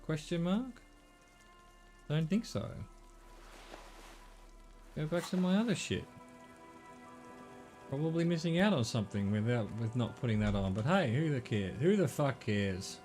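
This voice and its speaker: A man's voice: on the high side, sing-song, a little slow, pauses often, darkish tone, faint music behind. A middle-aged man from Australia, a streamer thinking aloud and swearing casually as he plays a game. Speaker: gaming streamer. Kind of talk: casual gameplay commentary.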